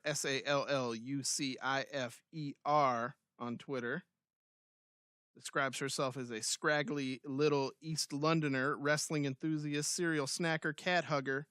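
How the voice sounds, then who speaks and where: Upbeat male podcast co-host doing shout-outs. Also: fairly high pitch, steady tone, a little slow, dry recording, clean studio sound. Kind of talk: casual podcast banter.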